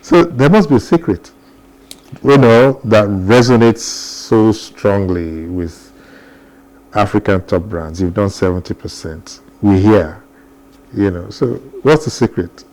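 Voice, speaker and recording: A man's voice: on the low side, slow pace, darkish tone. A man hosting a morning TV show, chatty and playful as he interviews a guest. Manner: chatty, playful, laughs often. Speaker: TV talk show host.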